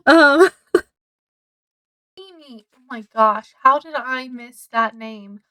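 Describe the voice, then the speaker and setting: A woman with a high voice talks through a book she has read in a relaxed, unhurried way. She is chatty and laughs a lot as she retells it. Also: low-quality recording. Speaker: book reviewer. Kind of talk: casual chat.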